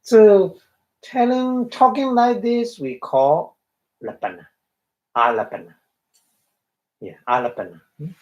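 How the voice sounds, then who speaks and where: A man with a Burmese accent giving a Buddhist dharma talk, halting and full of fillers, acting out little quotes as he explains. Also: sits high, expressive, a little mellow, lo-fi sound. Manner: halting, many fillers, acts out quotes with laughter. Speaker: Buddhist monk teacher.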